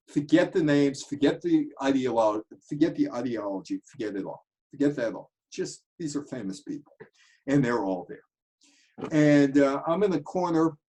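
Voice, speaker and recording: Animated storytelling man, lively pitch. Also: poor audio. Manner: animated, jumps in pitch for quoted voices. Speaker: commentator telling stories. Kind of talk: casual storytelling monologue.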